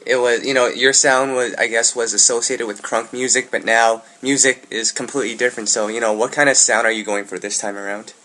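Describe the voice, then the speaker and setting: A man interviewing a singer, asking relaxed, hesitant questions. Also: medium pitch, brisk, hardly any pauses. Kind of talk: casual interview.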